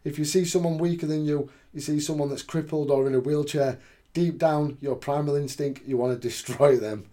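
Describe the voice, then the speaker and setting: A man's voice: a little high, fairly even intonation, moderate pace, mellow, natural voice. A man retelling a domineering older boss's stern lecture in his own voice. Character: domineering older male boss laying down the law.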